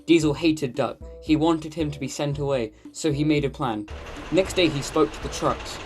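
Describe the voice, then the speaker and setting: A woman narrating a children's railway story in a steady, plain reading manner over background music. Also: deep voice, normal speed.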